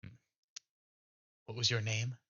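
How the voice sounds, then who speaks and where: A man's voice: lowish voice, level tone, takes it slowly, sharp tone, breathy edge, dull audio, exaggerated voice. A man voicing Vulture, an arrogant, delusional male hermit who is boastful and rude, in a tabletop game. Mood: pompous.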